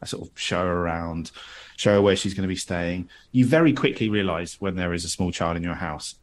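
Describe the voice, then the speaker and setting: A man's voice: sits low, fairly quick. A man casually telling a rambling, self-deprecating story on a podcast. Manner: rambling, self-deprecating, acts out voices in anecdotes.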